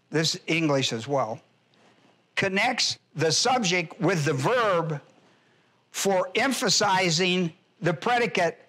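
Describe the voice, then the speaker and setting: High-voiced man teaching scripture. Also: fairly bright tone. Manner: emphatic, repeats key phrases, spells out Greek words. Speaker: pastor. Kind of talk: expository Bible teaching.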